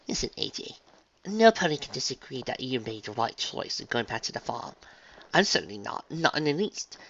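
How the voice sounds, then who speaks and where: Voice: mid-range voice, big pitch swings, brisk, gravelly, a bit bright, slightly rough, exaggerated voice. A reader voicing a refined, dramatic unicorn dressmaker mare who talks in a posh, gushing, theatrical way, on a dull lo-fi recording. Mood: persuasive.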